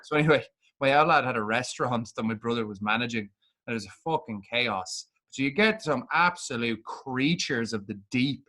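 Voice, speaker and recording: A man's voice: medium pitch, brisk, bright, forceful tone. A man co-hosting a podcast, chatting bluntly and swearing a lot while telling a story. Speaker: podcast co-host. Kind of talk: casual chat.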